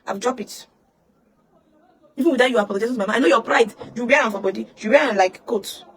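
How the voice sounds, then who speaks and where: A woman's voice: a little high, fast talker, breathy edge. A young Nigerian woman with a Nigerian accent, ranting heatedly online, scolding with rhetorical questions. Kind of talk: emotional social media rant.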